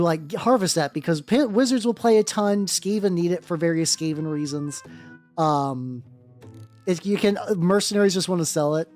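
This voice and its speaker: A woman's lowish, slightly mellow voice carries a casual livestream chat while she paints miniatures. She rambles, greets viewers, and occasionally swears over faint background music.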